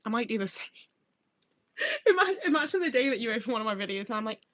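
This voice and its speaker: A woman's voice: on the high side, big pitch swings, fast talker, a bit bright, dry recording. A woman hosting a livestream, chatting in a rambling, sweary way that often trails off and restarts mid-sentence. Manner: rambling, sweary, self-interrupting. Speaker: livestream host. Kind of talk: casual live-chat rambling.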